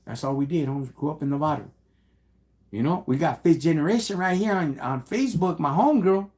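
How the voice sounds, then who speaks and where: A man's voice: fairly high pitch, lively intonation, brisk, a little mellow. Chicano guy on a livestream, middle-aged, street slang, homie this dog that, spanish words mixed in. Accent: Chicano English. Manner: mixes Spanish words and phrases into English. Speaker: livestream host. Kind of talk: casual livestream shout-outs and talk.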